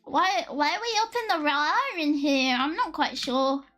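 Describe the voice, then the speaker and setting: A young female streamer chats casually on a live stream, her very high voice slow and drawn out. She's excitable, giggly, and foul-mouthed, thinking out loud as faint lo-fi music plays in the background.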